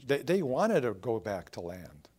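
Man, pastor, sermon, conversational, rhetorical questions, animated pitch. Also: measured pace.

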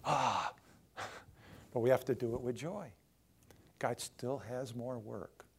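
A man's voice: mid-range voice, steady tone, unhurried, vocal fry, warm tone, husky. A male pastor preaching a sermon in a conversational way, asking the congregation rhetorical questions as he goes.

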